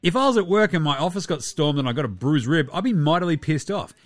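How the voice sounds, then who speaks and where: A man's voice: fairly high pitch, animated, fast talker, no echo, soft background music. An Australian man hosting a basketball podcast, rambling through casual, slangy, profane banter. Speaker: podcast host.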